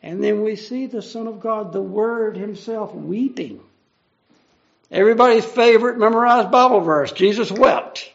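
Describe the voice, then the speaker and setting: A man's voice: high-pitched, normal speed, gravelly. A man preaching an earnest, conversational verse-by-verse Bible teaching, explaining each passage. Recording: dull lo-fi recording.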